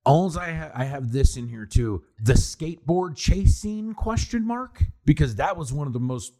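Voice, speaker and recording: A man's voice: a little high, normal speed. A man co-hosting a podcast, talking casually and swearing as he reviews a movie, with frequent laughs and restarts. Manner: animated, swearing, laughing, restarts mid-sentence. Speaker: podcast co-host.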